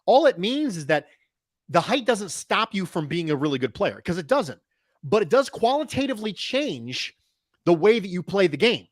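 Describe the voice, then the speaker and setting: A man on a casual sports podcast builds his case with stats, repeating key lines for weight. His voice sits a little high. The sound is dry and close, with no room around it. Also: very animated, normal speed, no room sound. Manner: emphatic, repeats points for stress. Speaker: podcast football analyst.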